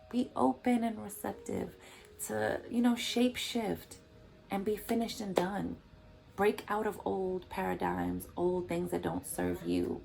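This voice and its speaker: Woman vlogger, low-pitched, emphatic and preachy, faint music underneath. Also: vocal fry, darkish tone. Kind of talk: motivational vlog commentary.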